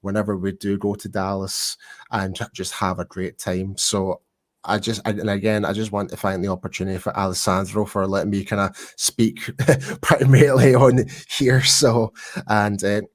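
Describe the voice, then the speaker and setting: A man's voice: on the low side, flat delivery, moderate pace. A man with a Glaswegian accent, a podcast guest chatting casually with many fillers and restarts. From Scotland. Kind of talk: casual chat.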